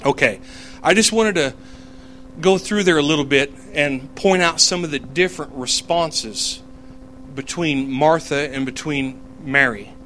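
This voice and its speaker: A man's voice: on the high side, unhurried, fairly bright tone, a little hiss or hum. A man giving a casual Bible teaching, talking it through conversationally, with fillers and self-corrections as he reads out verses. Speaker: preacher.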